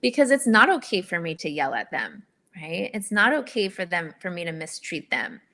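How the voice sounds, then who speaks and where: A middle-aged woman speaks as a guest in a relaxed interview. Her voice is bright and a little low-pitched, and she tells stories in an earnest, candid and animated way. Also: moderate pace. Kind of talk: casual interview.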